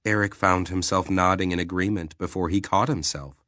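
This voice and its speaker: A male narrator with a low voice and a bright, forceful tone reads a novel in scripted narration. His delivery is steady and even. The recording is dry and close, with no room sound. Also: normal speed, dry recording. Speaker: audiobook narrator.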